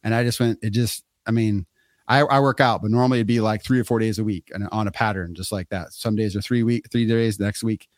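A man's voice: fairly low pitch, a little fast, no room sound, clean studio sound. A middle-aged man casually telling a story on a podcast, acting out what people said. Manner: animated storyteller acting out quotes.

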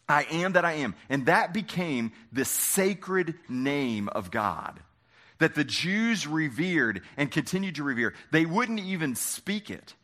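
A man preaching a sermon as pastor, slowing down to stress quoted words. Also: a little high, pushed and bright. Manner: emphatic preaching with slow dramatic quotes.

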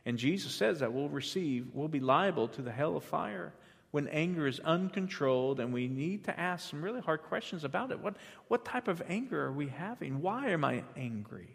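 A man preaching a sermon to a congregation, moving from quiet teaching to loud, emphatic passages with frequent restarts. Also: fairly high pitch, animated, moderate pace, creaky, big-room sound. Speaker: pastor.

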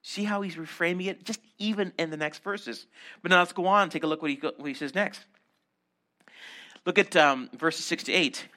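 Male pastor, sermon, high voice, bright tone, animated teaching. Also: normal speed.

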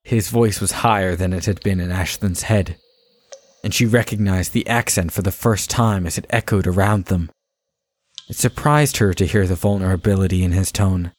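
A man narrating a fantasy audiobook in a measured, even storytelling manner. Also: low-pitched.

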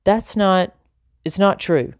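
A woman's voice: medium pitch, slow pace, dry recording, clean studio sound, lightly acted. A woman reading aloud, voicing a tired, defensive father speaking in a tight, flippant tone.

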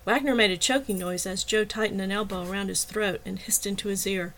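A woman narrates a novel in the first person, reading with a steady, expressive delivery. Her voice sits at a middle pitch for a woman. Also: fairly quick, few pauses, poor audio. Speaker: audiobook narrator.

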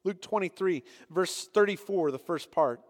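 High-voiced pastor in a reverberant space. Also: male voice, normal speed. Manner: reads scripture aloud, then explains it earnestly. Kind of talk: sermon.

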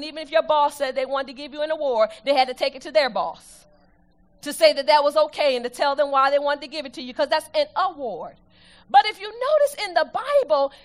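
A woman preaching a sermon, lively and emphatic, reading scripture slowly aloud with the congregation. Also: high-pitched.

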